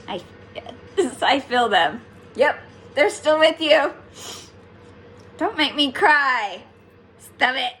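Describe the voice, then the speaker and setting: A woman's voice: medium pitch, a bit bright, a little hiss or hum. A woman giving a casual, playful spiritual reading to her viewers, chatting, laughing often and swearing lightly. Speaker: tarot reader.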